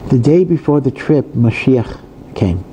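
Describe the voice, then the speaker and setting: A man's voice: medium pitch, expressive, unhurried, noisy background. A male rabbi giving a Torah lecture in a conversational way, full of asides and repeated phrases. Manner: conversational, many asides and repetitions.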